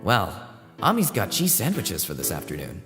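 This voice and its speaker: A man voicing a laid-back young male friend in a deeper, slower put-on voice. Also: wildly swooping pitch, pushed and bright, full character voice. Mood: easygoing. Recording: long reverb, faint background music.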